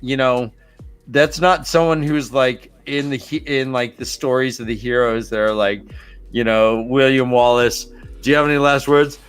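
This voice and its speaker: A man hosting a relaxed book-club chat, summarizing chapters in a loose, joking way. His voice sits at an ordinary middle pitch. He drifts into asides and wisecracks as he talks. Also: normal speed, clear, resonant tone, faint music behind. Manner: jokey, slips into a mock British accent for laughs. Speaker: podcast host. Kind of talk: casual chat about a book.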